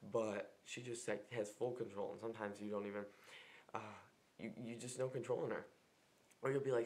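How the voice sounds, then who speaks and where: A man's voice: medium pitch, fairly even intonation, brisk. A young man vlogging casually in a room, chatty and exasperated, acting out text exchanges in mock voices. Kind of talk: casual vlog. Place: a room other than his usual filming spot.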